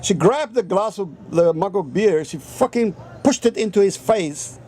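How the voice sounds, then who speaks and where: A man's voice: high-pitched, expressive, moderate pace, warm tone. A man telling a rambling anecdote in a casual vlog, swearing constantly. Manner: rambling, profane, heavy swearing. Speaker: vlogger. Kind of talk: casual storytelling rant.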